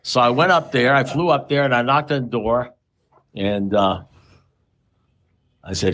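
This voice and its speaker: A man's voice: mid-range voice, steady tone, takes it slowly, pauses often, fairly bright tone. A man telling his story at a recovery meeting, rambling and self-mocking with dry humor. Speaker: AA speaker sharing his story.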